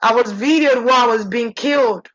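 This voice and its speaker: A woman's voice: brisk, a bit bright, highs cut off. A woman speaking as a channeler in an intense, preachy spirit-channeling monologue. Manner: intense, preachy, shifting pitch.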